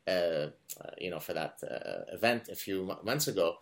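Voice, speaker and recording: A middle-aged man from Lebanon hosting a conversational interview, telling animated stories with many fillers and restarts. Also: low voice, moderate pace, gravelly. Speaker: podcast host.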